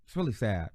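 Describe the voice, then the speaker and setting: A man's voice: mellow, no room sound, clean studio sound. A man hosting a live gossip stream with sassy, blunt commentary. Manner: sassy, mock-preaching, blunt. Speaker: host of a live gossip show.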